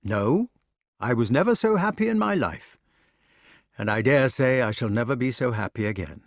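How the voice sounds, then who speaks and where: Guy reading as a lovesick knight, earnest and pleading, lively pitch, dry close sound. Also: moderate pace, no echo, lightly acted. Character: lovesick knight, grown man, earnest and brooding.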